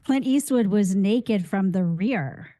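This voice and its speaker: Chatty woman co-host, relaxed banter, dry booth sound. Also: mid-range voice, takes it slowly, dry recording. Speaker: podcast co-host. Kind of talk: casual chat.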